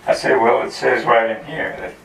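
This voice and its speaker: Gravelly-voiced man spinning a tall tale. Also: mid-range voice, moderate pace. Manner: folksy, chuckling, animated quotes. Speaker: storyteller at a community program. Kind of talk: telling a tall tale to a crowd. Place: community gathering at a ranch. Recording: echoey, distant mic, faint noise.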